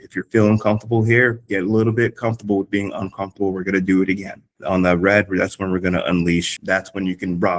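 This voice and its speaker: A man who is a fitness coach, explaining how to cue a group workout class in a relaxed discussion. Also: deep voice. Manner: demonstrates energetic class cues, then calm explanations.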